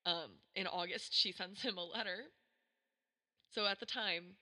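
A woman's voice: fairly low pitch, measured pace, pushed and bright. A woman hosting a podcast, telling a story in casual chat with jokey asides and frequent laughter. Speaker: podcast host.

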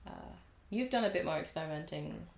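A woman's voice: sits low, lively intonation, quick pace, creaky. A young woman filmmaker in casual chat, talking freely, laughing easily and trailing off mid-thought. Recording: roomy echo.

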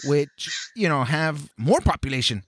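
Casual and animated, a male co-host chats on a podcast with lots of hesitations and false starts. His voice sits a little high, is a bit bright, and moves unhurriedly, recorded cleanly in a studio with no room sound.

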